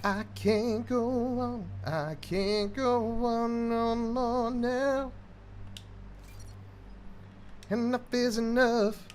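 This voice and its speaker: A man hams up a northern English bloke at the end of his tether, wailing that enough is enough. The voice is pitched high and loud, with lively swoops and drawn-out cries. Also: soft background music, full character voice. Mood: fed up. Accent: northern English, put on. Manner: theatrical, over-the-top complaining.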